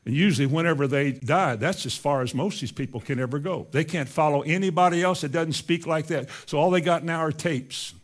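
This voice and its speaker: An older man preaching a sermon in a folksy, emphatic way, moving from quiet asides to loud insistence. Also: a little high, a little fast, few pauses.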